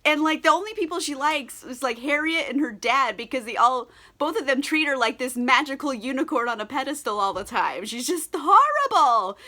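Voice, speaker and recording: Bright-voiced tipsy woman ranting sarcastically. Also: high voice, expressive, moderate pace, hardly any pauses. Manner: sarcastic, profane and giggly. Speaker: book vlogger. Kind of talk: casual book review chat.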